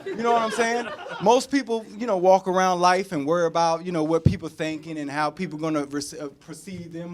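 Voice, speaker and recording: A man performing a stand-up set in a comedy club, animated and profane, laughing through his own punchlines. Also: high voice, fairly quick, hardly any pauses, slight background noise. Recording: live club with loud crowd. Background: live audience laughing.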